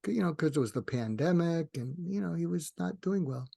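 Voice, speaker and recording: A man's voice: a little high, lively intonation, brisk, gravelly, husky, no room sound. An older man, a retired psychiatrist, telling rambling personal stories as a podcast guest. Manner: rambling, tangential, warm storyteller. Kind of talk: casual storytelling interview.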